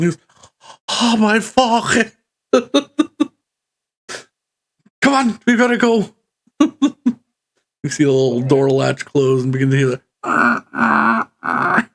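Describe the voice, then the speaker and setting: Slow-talking, higher-voiced man narrating a game. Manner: laughs often, loose rambling narration with fillers. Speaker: game master.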